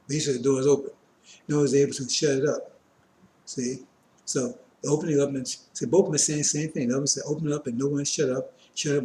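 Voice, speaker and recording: A religious teacher with a warm, medium-pitched voice reads scripture aloud and then explains it loosely and conversationally, wandering into many asides. His voice sounds strained and catches on coughs, and the recording is reverberant with slight background noise.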